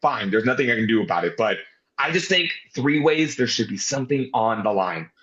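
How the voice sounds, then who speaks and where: A man's voice: medium pitch, lively intonation, brisk, fairly bright tone. A man co-hosting a casual wrestling review, talking animatedly and swearing often. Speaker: podcast co-host. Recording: roomy, dull lo-fi sound.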